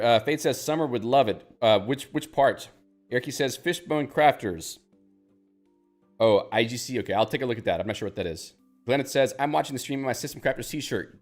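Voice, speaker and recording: A man hosting a live stream in a casual, joking, self-deprecating way, reading viewer chat aloud. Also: mid-range voice.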